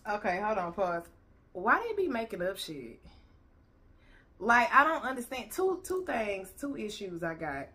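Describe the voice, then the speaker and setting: A woman's voice: medium pitch, big pitch swings, measured pace, sharp tone. A woman host ranting bluntly and profanely as she reacts to a video.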